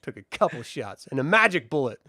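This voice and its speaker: A woman's voice: low-pitched, brisk, no room sound, clean studio sound. Profane laughing woman co-host. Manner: profane, laughing, animated retelling. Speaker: co-host reviewing a TV episode. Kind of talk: casual review chat.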